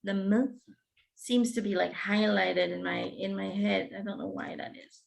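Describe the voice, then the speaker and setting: A woman's voice: medium pitch, steady tone, normal speed, gravelly, rough recording. A woman giving a channeled spiritual reading, relaying a guide's messages with frequent "he says" and ums. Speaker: spiritual reader.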